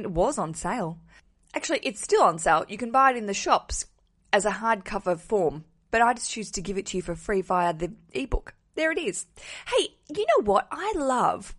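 A woman hosting a wedding podcast alone from a hotel room, talking casually with a slightly rough morning voice and a cheeky, self-mocking, rambling manner. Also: on the high side, a bit bright. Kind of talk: casual solo podcast monologue. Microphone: wearing headphones.

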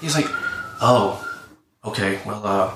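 A man's voice: on the low side, brisk. A young man in his twenties, a podcast co-host and hunting guide, telling a story casually with lots of profanity and acted-out dialogue. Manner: profane, animated storyteller acting out both sides. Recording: roomy, distant mic with faint noise.

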